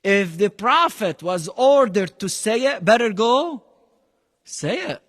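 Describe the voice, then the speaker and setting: In a large hall, an Arabic-speaking man gives a Quran lesson in English sprinkled with other phrases. His voice is high, slow, sing-song and fairly bright, and he emphatically fires frequent questions at the class.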